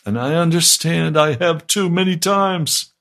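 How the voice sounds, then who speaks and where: A man's voice: a little high, measured pace, a bit bright. A man preaching a sermon as pastor, fervent and emphatic, repeating his pleas. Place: broadcast sermon.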